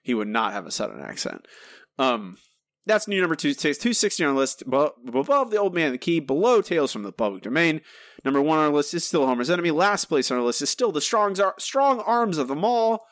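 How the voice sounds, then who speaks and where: A man co-hosting a casual podcast, animated and argumentative, often restarting his sentences. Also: a little high, fairly quick, dry recording. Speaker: podcast co-host.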